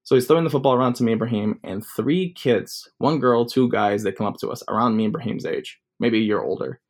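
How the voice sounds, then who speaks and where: A man's voice: mid-range voice, fast. A man in his twenties telling a personal story casually, rambling with many fillers. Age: 20s.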